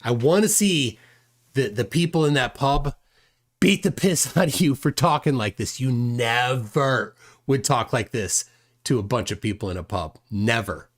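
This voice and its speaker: Male stream host, lively indignant commentary, tag questions. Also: mid-range voice, a little slow. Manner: indignant, reads chat aloud, frequent "right?". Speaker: livestream host. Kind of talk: casual commentary on a clip.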